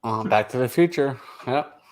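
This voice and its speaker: A man's voice: mid-range voice, moderate pace, poor audio. A man chatting casually as a guest on a livestream, laughing easily.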